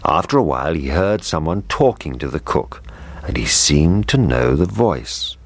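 A man reading a children's story aloud in a gentle, measured storytelling manner. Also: rumbling low, sing-song, creaky, no echo.

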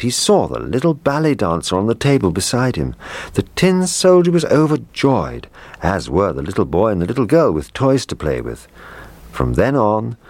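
A man reading a children's fairy tale aloud in a gentle, measured way. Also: sits low, slightly rough, no echo. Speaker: storyteller. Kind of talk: scripted narration.

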